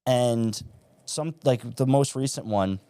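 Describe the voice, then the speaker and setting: Speaking slowly in a smooth, mellow, medium-pitched voice, a young adult man appears as a podcast guest spinning casual stories. He curses plenty and keeps saying "like" and "bro," and the recording is dry.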